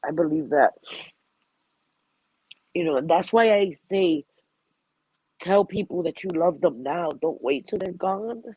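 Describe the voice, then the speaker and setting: A woman's voice: lowish voice, measured pace, long pauses, darkish tone, husky, dry recording, rough recording. Heartfelt stuffy-nosed woman streamer. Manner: heartfelt, rambling, laughs often. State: stuffy nose. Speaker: livestream host. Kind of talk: emotional live-stream chat.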